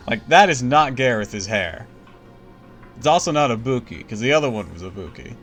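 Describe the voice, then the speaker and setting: Bright, animated game streamer. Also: male voice, medium pitch, normal speed, soft background music. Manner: excitable, profane, laughs often. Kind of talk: casual live-stream commentary.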